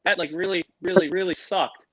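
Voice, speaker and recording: A middle-aged man, telling animated stories on a podcast, swearing freely and acting out the other people's voices. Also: high voice, brisk, dull audio, a loud crowd. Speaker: podcast guest, animal educator. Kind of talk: casual storytelling.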